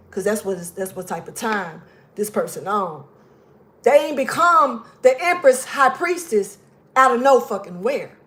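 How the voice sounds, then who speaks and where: A woman giving a casual tarot reading, blunt and profane, emphatic, dropping to low mutters. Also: fairly bright tone. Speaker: tarot reader.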